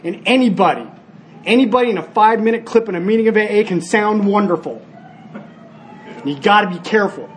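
High-voiced man telling stories earnestly. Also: a little fast, long pauses, slight background noise. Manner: storytelling, animated when acting out scenes; earnest, frequent restarts. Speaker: recovery meeting speaker. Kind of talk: personal share with told stories.

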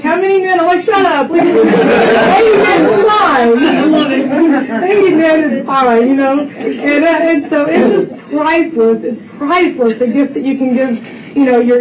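A woman's voice: fairly high pitch, a little mellow, a little hiss or hum. A middle-aged woman giving a chatty personal testimony at a recovery meeting, full of fillers and acted-out family quotes. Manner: chatty storytelling with many fillers. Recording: roomy distant dull recording.

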